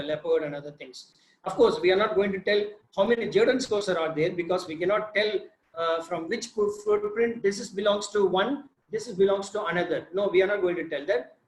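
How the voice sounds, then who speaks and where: An Indian man with a notably high voice tells the story of his field research in an animated, informal way, stopping to quiz his listeners. He speaks over a video call, and the room around him sounds echoey. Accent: Indian English. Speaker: field biologist sharing research. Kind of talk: informal talk on a video session. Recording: roomy echo.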